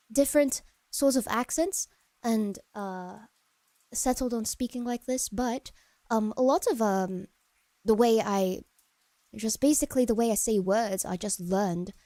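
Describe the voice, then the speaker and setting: High-voiced woman chatting softly on stream. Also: no room sound. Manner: meandering and hesitant, with many fillers and restarts. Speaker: virtual streamer chatting with viewers. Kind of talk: casual live-stream chat.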